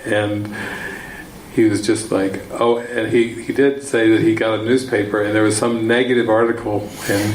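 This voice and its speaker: A man's voice: lowish voice, slight background noise. A man giving a spiritual teaching talk, telling a story and repeating words for emphasis. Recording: echoey room, faint ambience.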